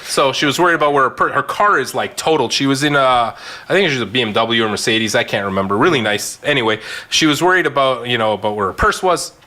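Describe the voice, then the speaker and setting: A man telling a story in a casual podcast chat, animated, laughing often and using many fillers. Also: medium pitch, quick pace. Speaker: physician podcast co-host.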